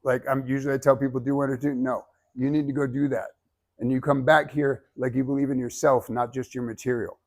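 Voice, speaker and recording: A man's voice: mid-range voice, flat delivery, brisk. A man giving blunt, emphatic feedback as a speaking coach, with some swearing. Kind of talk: workshop feedback.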